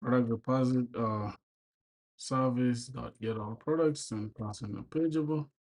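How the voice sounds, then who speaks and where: A man's voice: mid-range voice, steady tone, unhurried, darkish tone. A young man live-streaming while he codes, chatting casually with slang, mumbling code aloud and often breaking into laughter.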